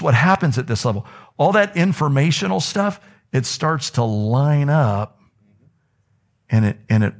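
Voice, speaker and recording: In a church sanctuary, a gravelly-voiced male pastor preaches a sermon full of stories. His pitch swings widely, and now and then he drops down to a whisper.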